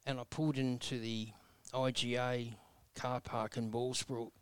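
A man's voice: mid-range voice, flat delivery, measured pace, clean tone, no echo. A man in his sixties with an Australian accent, telling his life story as an interview guest in a blunt, earnest, folksy way. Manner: blunt, earnest, folksy with mild self-mocking humor.

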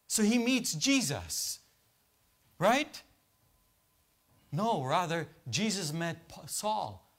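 High-voiced preacher quizzing his congregation. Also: a bit bright. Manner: questions the congregation and waits for answers. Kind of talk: interactive sermon. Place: church.

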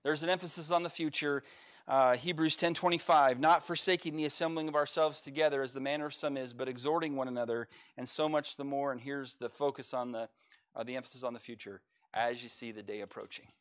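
A man, a pastor, preaching a sermon in a church, talking emphatically with loud, rising stretches and frequent restarts of his phrases. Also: medium pitch, fairly even intonation, brisk. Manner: repeats words and restarts phrases. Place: church sanctuary.

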